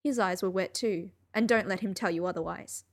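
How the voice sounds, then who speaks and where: A woman reading a first-person story aloud in an expressive, emotional way. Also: mid-range voice, fairly quick. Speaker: audiobook narrator.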